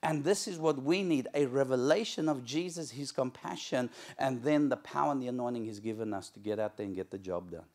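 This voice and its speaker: A male pastor preaching a sermon in church, telling a story with lively, acted-out moments. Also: mid-range voice, fairly quick, hardly any pauses. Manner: animated storytelling, acts out shouting crowds.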